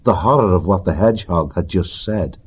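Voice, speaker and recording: Male audiobook narrator; deep, husky, steady pacing. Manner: measured, even storytelling.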